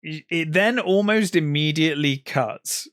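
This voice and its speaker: A man's voice: on the high side, measured pace, fairly bright tone, clear, resonant tone, no room sound, clean studio sound. A man co-hosting a film podcast, retelling scenes in a casual chat with lots of ums and acted-out quotes. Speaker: podcast co-host.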